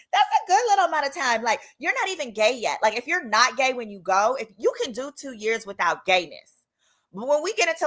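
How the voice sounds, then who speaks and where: Bright, animated woman telling a story. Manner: animated, comedic, voices friends with high squeals. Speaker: lawyer and vlogger. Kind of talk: casual storytime monologue.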